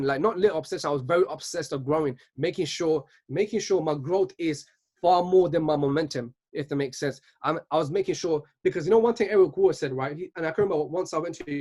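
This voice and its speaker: Fast-talking earnest young man. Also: a little high. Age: 20s. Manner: earnest, keeps asking "right?". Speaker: speaker at a virtual business event. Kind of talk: motivational talk.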